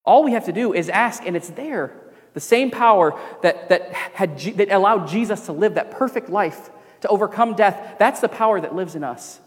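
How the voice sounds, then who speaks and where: A young man preaching a sermon as pastor, earnest, moving between emphatic preaching and quiet, confiding storytelling. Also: sits high, animated, normal speed. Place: church sanctuary. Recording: long reverb of a church hall.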